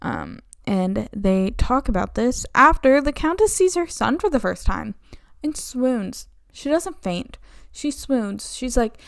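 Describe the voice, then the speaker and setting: A woman's voice: on the high side, lively intonation, slow, creaky, dry recording, studio quality. A young woman recapping a play's plot in a flippant, sarcastic, casual way. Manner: flippant, sarcastic, slipping into mock voices. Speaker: video essayist.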